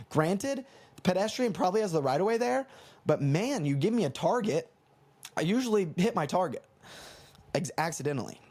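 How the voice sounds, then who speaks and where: Young man rambling through a funny story. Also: on the high side. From United States. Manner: rambling, animated, self-correcting storyteller. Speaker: comedy podcast host. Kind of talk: casual storytelling monologue.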